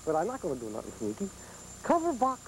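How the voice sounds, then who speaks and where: A man's voice: sits high, huge pitch swings, fast talker, a little hiss or hum, voice pushed down, heavily acted, rough recording. A man in a put-on Polish accent voicing a bumbling male stage magician who talks in broken English. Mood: showy. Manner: broken English, chuckling, showy. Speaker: TV horror host doing magic. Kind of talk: 1970s TV horror host performance.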